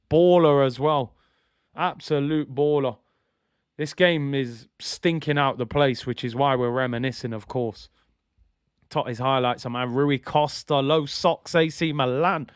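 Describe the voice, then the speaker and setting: Young male streamer, live watch-along chat, slangy and excitable, higher voice, dry close mic. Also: dry recording. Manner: excitable, nostalgic, slangy banter.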